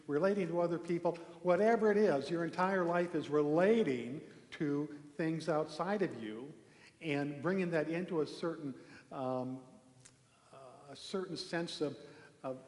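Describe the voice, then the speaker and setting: A man giving a relaxed, conversational sermon from a temple hall, telling a story with pauses and restarts. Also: on the high side. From Norway. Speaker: minister giving a talk. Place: large echoey temple hall. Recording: echoey hall with long reverb.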